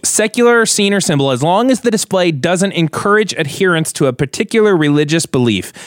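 A man's voice: mid-range voice, no echo, studio quality. A man hosting a podcast, telling news stories in a casual, joking way and slipping into silly voices. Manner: animated storyteller, jumping into silly voices. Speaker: podcast host. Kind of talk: casual comedic news chat.

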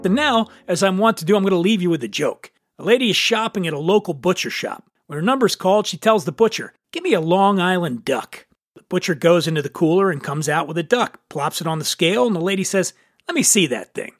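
A man's voice: high-pitched, lively intonation, fast, few pauses, no room sound, studio quality. A man hosting a scripted comic cocktail tutorial, irreverent and wisecracking. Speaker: host.

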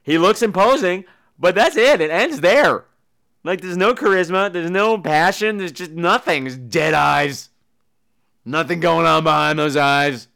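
Sarcastic guy ranting about movies, high bright voice, swears a lot, super animated. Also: normal speed, creaky, smooth. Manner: sarcastic, swears freely, mimics people. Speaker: podcast host reviewing films. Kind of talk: profane comedic rant.

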